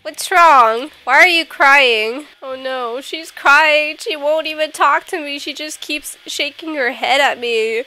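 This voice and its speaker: A woman's voice: high voice, slow pace, few pauses, bright, forceful tone. A woman giving playful gameplay commentary, giggling often and getting mock-indignant. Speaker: gaming YouTuber.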